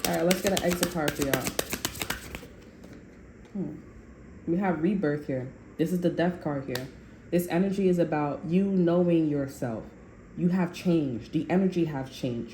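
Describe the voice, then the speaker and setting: A woman's voice: low voice, normal speed. Blunt, profane woman reading tarot. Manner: blunt, profane, animated storytelling. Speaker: tarot reader. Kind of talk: casual tarot reading monologue. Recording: echoey room with faint ambient noise.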